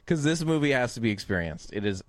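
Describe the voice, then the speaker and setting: A man's voice: mid-range voice, fairly quick, no room sound. A man from Canada co-hosting a movie podcast, telling stories with lots of swearing and laughter. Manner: profane, laughing, animated storytelling. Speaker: podcast co-host reviewing movies. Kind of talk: casual chat.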